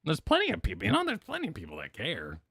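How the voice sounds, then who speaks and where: A man's voice: on the high side, fast, vocal fry, breathy edge, dry recording, clean studio sound. A young man chatting casually as he reacts on stream, talking in rambling bursts with lots of restarts. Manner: rambling, animated, full of restarts and filler. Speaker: streamer reacting to event videos.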